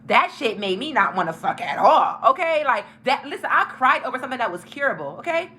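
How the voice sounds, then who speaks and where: A woman's voice: fairly high pitch, very animated, a little fast, pushed and bright, poor audio. A young woman hosting a casual storytime vlog, talking frankly and emphatically with lots of profanity. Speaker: tarot channel host.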